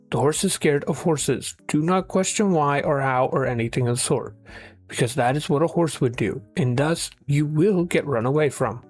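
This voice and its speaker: A comedy narrator reads out absurd posts in a dry, matter-of-fact deadpan. The voice sits at an ordinary middle pitch. Gentle background music plays faintly. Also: moderate pace. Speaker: narrator of a comedy blog-post reading. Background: soft background music.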